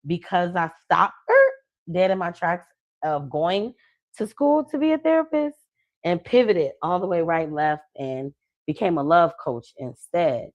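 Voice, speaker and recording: A woman who is a love coach and podcast host, chatting casually, telling lively stories and acting out the people she quotes, with slangy talk. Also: lowish voice, a little slow, no echo, muffled recording. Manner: animated storytelling, acts out quoted people; slangy, conversational.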